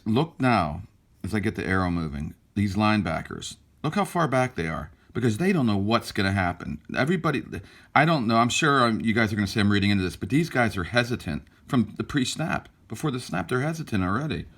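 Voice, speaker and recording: Lively man breaking down football film. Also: fairly low pitch. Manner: animated, talks to viewers, acts out players' thoughts. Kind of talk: casual game breakdown over video.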